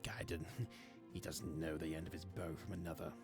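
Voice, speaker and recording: A man voicing a weary male lizard mercenary who mutters low and slow. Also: flat delivery, creaky, over music. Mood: grumbling.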